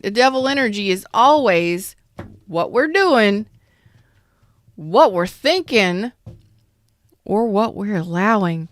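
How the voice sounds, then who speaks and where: A woman's voice: mid-range voice, fairly bright tone, no room sound. A woman tarot reader doing a live reading as a casual, blunt rant, swearing freely, calling viewers out and answering chat comments. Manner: blunt, profane, calls viewers out.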